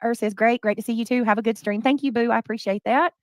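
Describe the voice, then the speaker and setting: A woman's voice: a little high, steady tone, fast talker, dry recording. Chatty woman streamer, dry sound. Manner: greets chatters by name, breaks into bits of song. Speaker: livestream host. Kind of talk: casual livestream chat.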